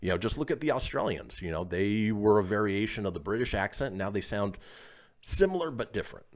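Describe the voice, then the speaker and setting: Male radio host, low voice with a lively swing, reads listener posts aloud and chuckles often. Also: fairly quick. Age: adult, calls himself old. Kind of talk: casual radio chat.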